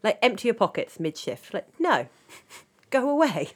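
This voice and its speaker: A woman's voice: mid-range voice, very animated, a little slow, husky. A woman co-hosting a casual podcast chat, teasing her co-host, laughing often and saying "like" a lot.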